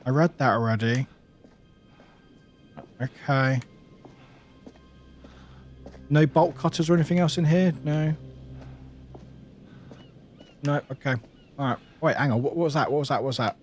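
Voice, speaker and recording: A man's voice: a little high, normal speed, long pauses, soft background music. A man from the UK streaming a game, chatting casually, laughing and swearing as he plays. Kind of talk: casual live-stream commentary.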